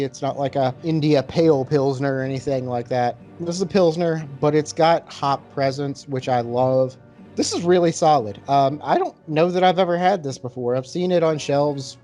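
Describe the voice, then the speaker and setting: A man with a medium-pitched voice hosts a casual podcast chat, rambling in a relaxed way and using lots of fillers as he tastes and describes a beer.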